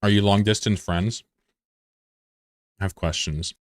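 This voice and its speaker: A man's voice: fairly low pitch, steady tone, measured pace, no echo. A young American man chatting loosely with viewers on a stream, rambling and swearing freely. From USA. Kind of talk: casual chat with viewers.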